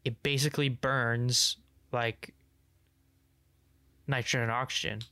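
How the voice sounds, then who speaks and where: A young man co-hosting a casual podcast, rambling with lots of "like" and restarts while explaining things he's excited about. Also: medium pitch, a little slow, clear, resonant tone, no echo. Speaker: podcast co-host. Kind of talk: casual chat.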